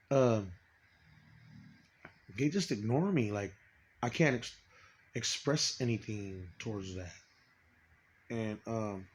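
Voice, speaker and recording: A man in a rambling personal monologue, swearing often, stopping and restarting, and trailing off quietly. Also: mid-range voice. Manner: profane, halting, trails off quietly.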